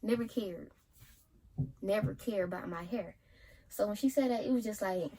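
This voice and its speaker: A teenage girl, casually telling a story in an animated way for a vlog. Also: mid-range voice, moderate pace, long pauses, poor audio. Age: teens. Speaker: vlogger.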